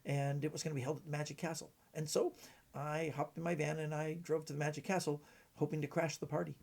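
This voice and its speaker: A middle-aged man from Canada, telling stories in a halting way with many fillers. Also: fairly high pitch, level tone, vocal fry, darkish tone. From British Columbia, Canada. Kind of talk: casual storytelling.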